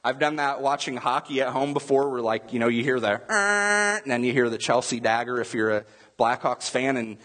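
Pastor guy, kinda husky voice, chatty sermon, acts out the crowd now and then. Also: medium pitch, steady tone, brisk, fairly bright tone. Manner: conversational preaching with acted-out crowd voices.

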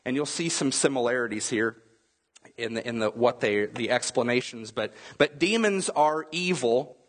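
A man's voice: mid-range voice, moderate pace. A male pastor preaching a sermon in a church, talking conversationally and checking in with the congregation through frequent rhetorical questions.

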